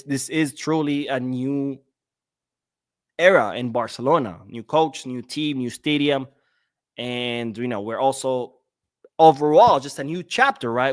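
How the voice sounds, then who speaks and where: A man's voice: medium pitch, fairly bright tone, no echo, clean studio sound. A man hosting a casual livestream podcast, reading out chat comments and answering them in a rambling way, repeating his words.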